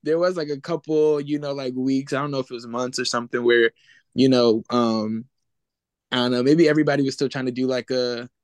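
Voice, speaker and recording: A man's voice: medium pitch, level tone, brisk, a little mellow, clean tone, no room sound. A man with a mid-range voice answers hesitantly, searching for his words. The sound is dry and close. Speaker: band member, guest. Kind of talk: casual interview answers.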